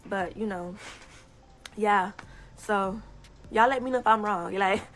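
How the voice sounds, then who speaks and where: A young woman telling a casual story time on social media, animated and indignant, often breaking into laughter. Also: mid-range voice, slow pace. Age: young adult. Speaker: TikTok storyteller.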